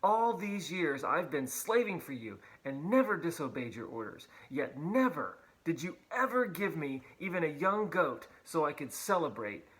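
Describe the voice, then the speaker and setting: A man's voice: a little high, very animated, normal speed, few pauses, a bit bright, poor audio. A man voicing a furious older brother, raising his voice in indignant complaint while telling a story to children. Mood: resentful.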